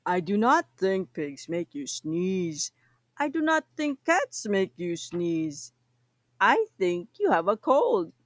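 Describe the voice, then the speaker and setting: A woman voicing a calm, reassuring cat doctor. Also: mid-range voice, slow, no room sound.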